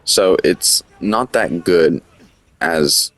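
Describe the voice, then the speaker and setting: A man's voice: deep voice, extremely slow, a bit bright, dry recording. A man giving casual, rambling gameplay commentary, full of fillers and restarts, with the hiccups. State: has the hiccups. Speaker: gaming commentator.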